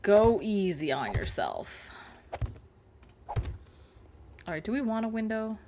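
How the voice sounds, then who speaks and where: Slight background noise accompanies a game streamer with a medium-pitched, sing-song voice, a dark tone, and a slow pace. Despite a burnt mouth, she jokes around with chat, teasing them sarcastically and slipping in innuendo.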